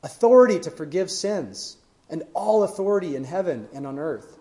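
A man preaching a sermon, retelling scripture stories earnestly and letting his voice fall to a hush at the ends of phrases. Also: fairly high pitch, expressive, moderate pace.

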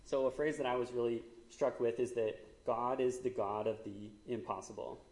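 A man's voice: mid-range voice, steady tone, normal speed, darkish tone, roomy sound. A man, likely in his thirties, giving a conversational sermon with frequent fillers and asides, as the church's pastor.

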